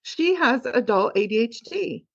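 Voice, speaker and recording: A woman's voice: fairly high pitch, animated, measured pace, gravelly, a bit bright, slightly rough, muffled recording. A woman hosting a casual podcast, asking questions and affirming her guest. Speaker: podcast host.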